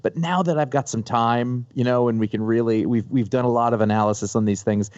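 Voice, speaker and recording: A man co-hosting a podcast in casual chat, telling stories in an animated way and laughing often. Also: medium pitch, brisk, no room sound, dull audio. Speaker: podcast co-host.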